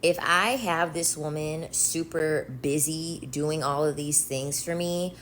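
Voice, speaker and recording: A woman's voice: low voice, fairly even intonation, slow, a bit bright, slight background noise. A woman giving her dating opinions in a confident, matter-of-fact, lecturing way.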